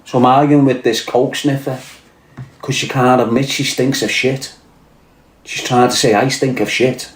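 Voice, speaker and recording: A man's voice: medium pitch, steady tone, moderate pace. A man with a Scouse accent chatting crudely on a livestream. He reads out viewer comments and tells swaggering, profane stories. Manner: profane, blunt, swaggering storyteller. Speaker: livestream host reading chat. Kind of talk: crude casual chat. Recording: roomy echo.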